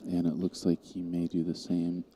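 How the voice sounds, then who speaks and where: A man's voice: low voice, completely flat delivery, normal speed, noisy background. A man giving casual live commentary on a pool match, talking steadily through the shot choices.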